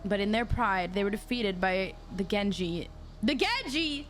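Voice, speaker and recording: A woman streaming a mystery game, reading the dialogue aloud and breaking off into excitable, jokey asides to her chat. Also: mid-range voice, moderate pace, slight background noise. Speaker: VTuber streamer.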